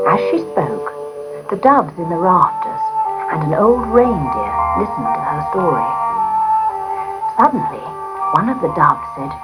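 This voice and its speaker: A woman narrating a storybook in a gentle, expressive way. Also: on the low side, poor audio.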